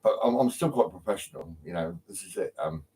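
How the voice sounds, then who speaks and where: A man's voice: sits low, expressive, a little fast, dark tone, poor audio. A man from England on a live stream from his home, talking in a rambling way with lots of ums and restarts and heavy swearing. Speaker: livestreamer. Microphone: phone.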